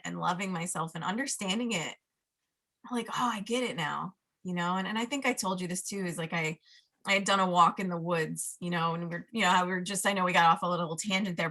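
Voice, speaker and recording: A woman guesting on a podcast as a life coach, telling a personal story in casual chat and acting out her inner voices in an animated way. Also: lowish voice.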